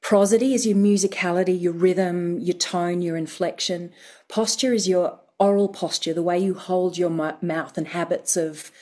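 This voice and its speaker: A woman's voice: fairly low pitch, fairly even intonation, normal speed, a little mellow. A woman working as a dialect coach, explaining methodically on a radio talk show.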